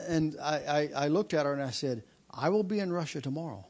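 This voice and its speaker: A man preaching a sermon, telling a personal story and then building into a loud, repetitive preaching cadence. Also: on the high side, lively intonation, fairly quick.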